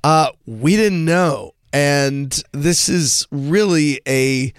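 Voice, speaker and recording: A middle-aged man hosts a casual gossip chat, rambling through stories with plenty of ums and asides. His voice sits a bit high for a man and has a gravelly fry at the ends of phrases. The sound is close and dry. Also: very slow, no echo. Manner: chatty, gossipy storytelling with frequent fillers. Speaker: podcast host.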